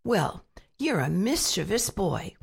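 A woman voicing a brisk, scolding female parrot in a children's storybook. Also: medium pitch, very animated, vocal fry, breathy edge, full character voice.

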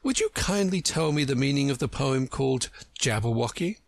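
A man reading a storybook aloud, voicing a polite, curious young girl with a raised, girlish pitch. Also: expressive, moderate pace, vocal fry, dry recording.

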